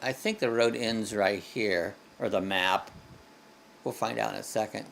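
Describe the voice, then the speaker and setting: A man's voice: lowish voice, fairly even intonation, a little slow, vocal fry, a bit bright. An older man from Ohio, hosting a casual live stream and joking easily while he plays a farming game. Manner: easygoing, jokey, talks over gameplay. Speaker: host.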